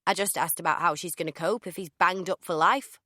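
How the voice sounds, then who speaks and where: A woman's voice: on the low side, steady tone, brisk, bright, forceful tone, no room sound. Woman doing a young man, blunt, offhand, plain delivery, dry sound. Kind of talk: audiobook character voice.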